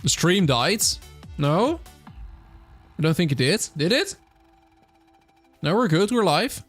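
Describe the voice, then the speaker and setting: A man's voice: sits high, big pitch swings, takes it slowly, a bit bright, soft background music. A man from the Netherlands with a Dutch accent, chatting casually on a livestream and answering viewer questions with lots of fillers and restarts. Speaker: streamer.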